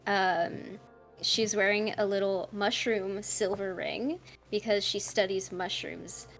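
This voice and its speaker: A woman's voice: medium pitch, steady tone, slow pace, soft background music. A woman playing a tabletop game, talking as her character in a flustered, exasperated way. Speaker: player. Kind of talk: in-character tabletop role-play.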